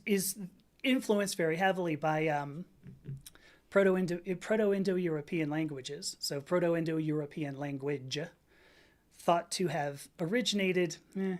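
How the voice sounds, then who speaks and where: A woman with a slightly low voice hosts a casual livestream. She rambles through her points with loose fillers and restarts, and breaks off to greet viewers and answer their chat. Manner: digressive, chatty, stops to greet viewers and read chat; many fillers and restarts, laughs at herself. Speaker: livestream host. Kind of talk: casual lecture-style stream chat.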